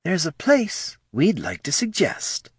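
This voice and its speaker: A man's voice: on the high side, wildly swooping pitch, slow, slightly rough, no echo, clean studio sound, voice pushed up, heavily acted. A man doing a scheming businessman. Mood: persuasive.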